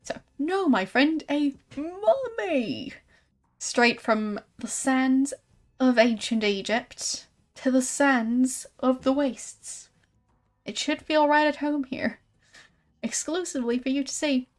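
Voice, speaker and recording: A woman reading aloud and voicing a smooth-talking male showman who hawks a fake mummy in a game, with grand salesman patter. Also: high voice, steady tone, slow pace. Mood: showman pitch.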